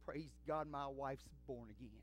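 A middle-aged pastor preaching a sermon in a church, swinging from shouts to near whispers in folksy talk. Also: male voice, mid-range voice, normal speed, soft background music. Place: church sanctuary.

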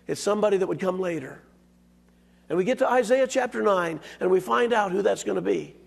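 A hoarse man preaches with a raspy, gravelly edge to his fairly high voice. His delivery is folksy and emphatic, and he hits his key words hard. The sound rings with the long reverb of a church sanctuary. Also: lively intonation, brisk. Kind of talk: sermon.

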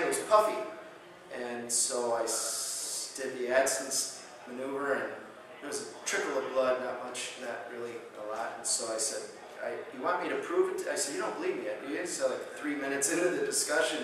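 A man's voice: mid-range voice, background noise. A man, a chiropractor, giving a conference lecture, telling a patient story and acting out the voices in it. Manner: animated storyteller, acts out patient quotes loudly. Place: conference hall. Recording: echoey hall, distant mic.

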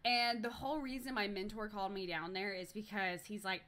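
A young woman chats on her live stream, telling a story in a bright, clear voice. She talks in a loose, animated way, swears freely, and trips over her own sentences with plenty of fillers. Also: medium pitch, fairly quick. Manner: animated, profane, lots of fillers and restarts.

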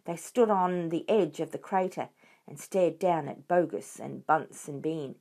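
A woman reading a children's book aloud in a clear, expressive way. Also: deep voice, unhurried. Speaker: storyteller for children.

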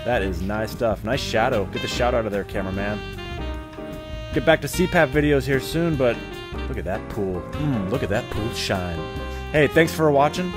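A man's voice: expressive, normal speed, over music. A man hosting a video channel about sleep apnea gear, talking in a casual, joking, self-mocking way. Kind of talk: casual vlog talk. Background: his own bass playing.

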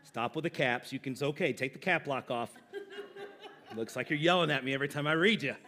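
A man's voice: mid-range voice, brisk, pushed and bright. A middle-aged man, a pastor, preaching a sermon in a church with a humorous, conversational storytelling manner.

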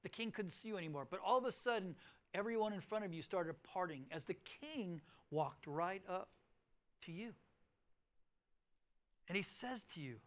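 A middle-aged male pastor preaching a sermon in a church auditorium, telling a story and swinging between loud emphasis and hushed lines. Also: sits high, moderate pace.

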